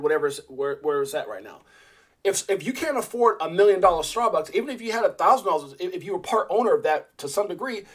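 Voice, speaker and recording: High-voiced rambling crypto streamer man. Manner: rambling, restarts often, addresses viewers as guys. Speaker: crypto livestream host. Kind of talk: casual livestream talk.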